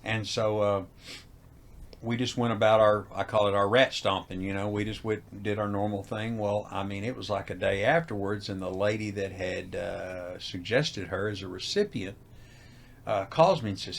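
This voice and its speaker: Lower-voiced middle-aged man. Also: normal speed. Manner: animated, acts out quoted dialogue. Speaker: haunted house owner, guest. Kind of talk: storytelling interview.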